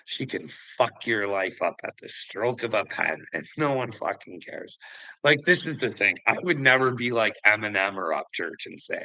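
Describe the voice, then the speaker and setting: Gravelly man ranting. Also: lowish voice, expressive, moderate pace, pushed and bright, no echo, rough recording. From Canada. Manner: angry, swearing, laughing scornfully. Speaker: vlogger. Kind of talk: profane ranting commentary.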